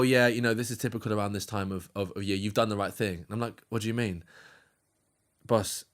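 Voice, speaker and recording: A man in his thirties, a podcast guest telling animated stories in casual chat, swearing and laughing as he goes. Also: on the low side.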